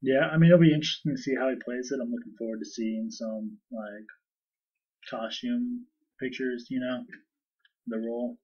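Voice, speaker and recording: A man co-hosts a casual podcast, talking easily with a slightly husky voice. He sits a little away from the microphone. The sound is dull and lo-fi. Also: mid-range voice, normal speed. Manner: chatty, animated, breaks into goofy voices. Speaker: podcast co-host. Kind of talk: casual chat. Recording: distant, dull lo-fi mic.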